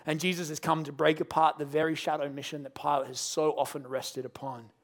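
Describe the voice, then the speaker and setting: High-voiced pastor preaching a sermon. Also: male voice, fairly quick. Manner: animated storytelling, acting out scenes.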